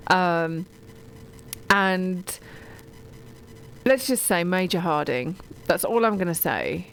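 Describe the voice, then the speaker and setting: Chatty, gushing woman with a lowish voice. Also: measured pace, long pauses, fairly bright tone, a little hiss or hum, low-quality recording. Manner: gushing, digressive, many ums and restarts. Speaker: radio show guest or presenter talking books. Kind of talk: casual chat about books on radio.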